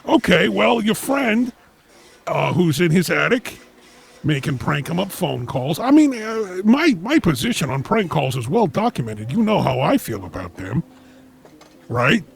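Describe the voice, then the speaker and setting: A man hosting a comedy call-in show, speaking in a deadpan, pompous, lecturing way. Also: a little high, measured pace. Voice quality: gravelly, raspy.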